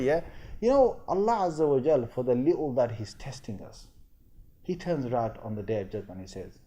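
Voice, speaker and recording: Male lecturer, London accent, lively street-talk sermon delivery that acts out dialogue. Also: a little high, normal speed. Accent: London English. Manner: animated storytelling, acting out dialogue, slangy and conversational. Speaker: Islamic lecturer.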